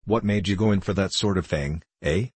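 A man's voice: sits low, a little fast, slightly rough, dry recording. A man voicing a sneering, cynical diplomat. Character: mocking, condescending middle-aged male diplomat.

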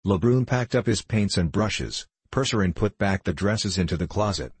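A man narrating a classic novel as an audiobook, in a steady, even storytelling manner. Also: on the low side, moderate pace, breathy edge, dry recording.

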